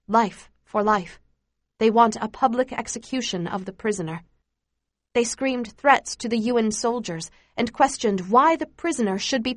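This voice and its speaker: A woman narrating a first-person memoir in a measured, earnest reading with dramatic emphasis. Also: medium pitch, dry recording. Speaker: audiobook narrator.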